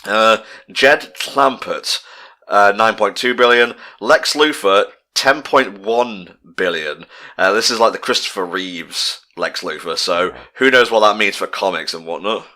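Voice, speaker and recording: A man's voice: lowish voice, a little slow, pushed and bright. A young man chatting casually on a movie commentary, rambling with lots of fillers as he reads through a list. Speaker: commentary co-host.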